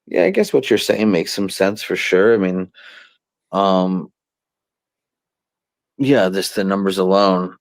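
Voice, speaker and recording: A man talking casually on a podcast, relaxed and halting, with many fillers and restarts. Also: deep voice, no echo. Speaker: wrestling promoter, show regular.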